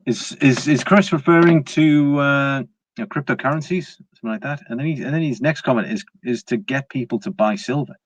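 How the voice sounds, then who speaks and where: Speaking fairly quickly in a mid-range voice, this British streamer reads out comments from viewers and wanders through his views, full of "uh"s, fillers and false starts. There's no room sound; the audio is dry, slightly dull and lo-fi.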